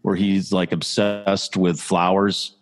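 Deep-voiced guy on a podcast, joking around and teasing his cohosts. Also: level tone, takes it slowly. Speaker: podcast co-host. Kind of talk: casual chat.

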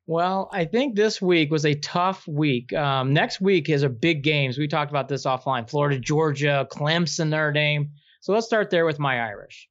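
A man's voice: on the high side, normal speed, few pauses, no room sound, highs cut off. A man hosting a sports betting picks segment, teasing his co-host with playful, fan-boyish chatter. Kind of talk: casual sports betting banter.

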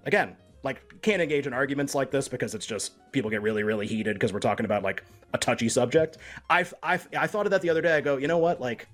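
A man co-hosting a sports betting podcast, arguing his point in a quick, animated way and often cutting himself off mid-sentence. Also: medium pitch, faint music behind. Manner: argumentative, animated, self-interrupting. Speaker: podcast co-host. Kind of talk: casual sports betting chat.

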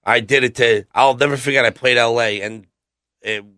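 A man's voice: medium pitch, steady tone, normal speed, pushed and bright, no room sound, clean studio sound. A middle-aged man, a guest on a podcast, telling rambling, blunt stories and acting out what others said. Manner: blunt, rambling anecdotes with acted-out quotes. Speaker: podcast guest, metal singer. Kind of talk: casual storytelling interview.

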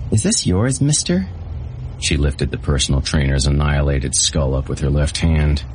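Very deep-voiced male audiobook narrator. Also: a little hiss or hum. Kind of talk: first-person audiobook narration.

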